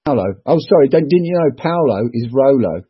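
A man's voice: medium pitch, lively intonation, a little fast, a crowd in the background. A man chatting in an agreeable, joking way, often stumbling over his words, on a dull, dry, lo-fi recording. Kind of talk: casual chat.

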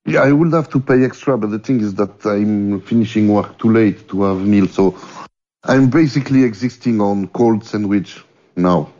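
A man from French-speaking Switzerland with a Swiss French accent, speaking in halting English as a returning guest and repeating words as he searches for them. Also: lowish voice, warm tone. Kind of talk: casual chat. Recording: muffled lo-fi audio.

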